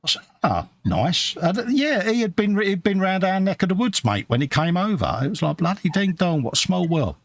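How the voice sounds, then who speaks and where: A man's voice: sits high, fairly quick, few pauses. A middle-aged man with a Cockney accent, chatting casually on a live stream and reading out viewer comments. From East End of London. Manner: chatty, lively storyteller.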